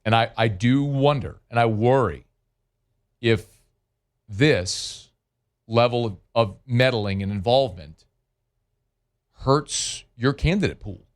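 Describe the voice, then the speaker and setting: A man's voice: mid-range voice, slow pace, long pauses. A man hosting sports talk radio, talking in a loose, conversational way with many fillers and restarts.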